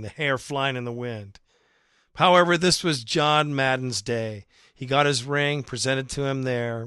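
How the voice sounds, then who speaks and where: A man hosts a fan podcast in a casual, rambling monologue, excitable and quick to swear. His voice is bright and forceful but going hoarse. The sound is dry and close, with no room around it. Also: mid-range voice, dry recording. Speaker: podcast host.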